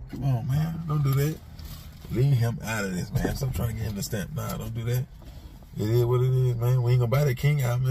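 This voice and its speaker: A man's voice: fairly low pitch, a little mellow, slight background noise. A man hosting his own commentary channel, talking bluntly and casually, speaking straight to the people he discusses in street slang and often repeating himself. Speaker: commentator and host.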